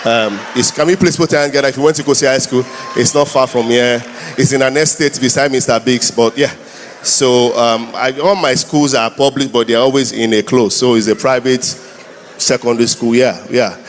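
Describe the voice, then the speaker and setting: Nigerian guy doing comedy at a church event, mid pitch, big echoey hall. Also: moderate pace. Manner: lively, prompting the crowd to clap and shout. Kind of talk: live stand-up storytelling. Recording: reverberant hall with faint noise.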